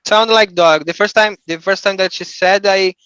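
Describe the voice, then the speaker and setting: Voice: medium pitch, fairly even intonation, moderate pace, a bit bright, clear, resonant tone, no echo, rough recording. An adult learner in an online pronunciation class, eagerly repeating words and explaining what was heard, over a video call. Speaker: adult ESL student.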